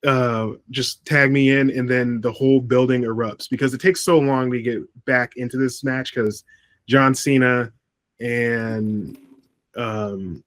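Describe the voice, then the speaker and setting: In a dry recording, a male podcast co-host with a steady, mid-range voice talks wrestling casually and unhurriedly. His review chat meanders, full of ums and restarts.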